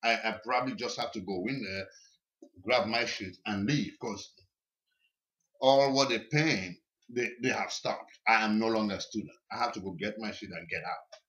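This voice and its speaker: A man who is a podcast guest, telling a personal story in a casual, animated way and often repeating words, recorded in a basement. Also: lowish voice, moderate pace.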